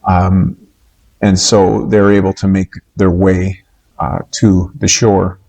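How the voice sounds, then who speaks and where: A male Bible teacher lecturing slowly and deliberately. His voice sits a little low, and he pauses often with "uh" and "um" as he explains. His speech is even and methodical, like a recorded class. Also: vocal fry. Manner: slow, measured, with frequent pauses and "uh" fillers.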